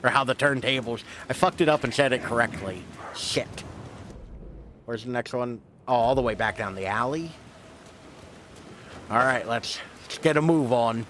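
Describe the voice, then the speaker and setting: A man's voice: mid-range voice, moderate pace, long pauses, fairly bright tone. Guy streaming a game, chatty and rambly, swears a lot, mid voice, bit of hiss behind. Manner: rambling, self-deprecating, swears casually. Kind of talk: casual let's-play commentary.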